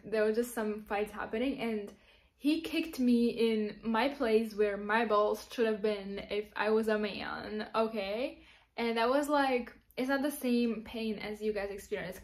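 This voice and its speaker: A young woman telling a personal story to camera in a chatty, giggly way, full of fillers. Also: on the high side. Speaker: vlogger.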